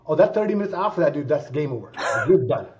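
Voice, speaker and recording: A male guest on a podcast, answering in a lively conversational way and acting out quoted voices. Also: on the high side, fast. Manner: animated, acts out quoted voices. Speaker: guest sales leader. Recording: dull lo-fi recording.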